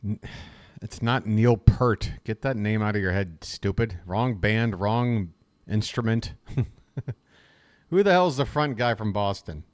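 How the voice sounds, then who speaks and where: A man's voice: lowish voice, expressive, slow pace, no room sound. A man doing casual live-stream baseball commentary, rambling and crude, talking to himself between plays.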